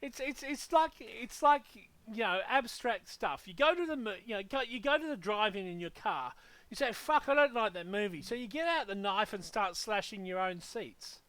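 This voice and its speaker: A man's voice: high-pitched, expressive, moderate pace, a bit bright, no echo. A man hosting a gaming channel, ranting heatedly in casual podcast talk with lots of profanity.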